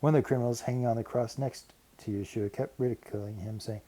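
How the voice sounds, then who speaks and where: A man narrating a Bible passage in a measured, steady reading. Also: medium pitch, rough recording. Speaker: Bible reader. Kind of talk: scripted narration.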